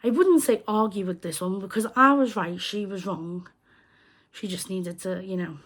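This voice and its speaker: Young UK woman, casual vlogger, lively storyteller who acts out the voices of people in her story. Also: medium pitch, normal speed. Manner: animated retelling, acts out quoted voices. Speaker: crochet vlogger.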